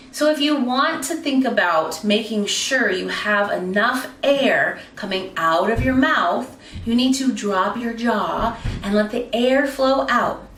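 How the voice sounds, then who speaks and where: A somewhat high-pitched woman teaching vocal technique as a speaking coach, moving her voice between very high and low to show how it works. She sits a bit back from the microphone, and the room gives her voice a noticeable echo. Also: slow pace, hardly any pauses, fairly bright tone, distant mic. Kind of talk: instructional talk with vocal demonstrations.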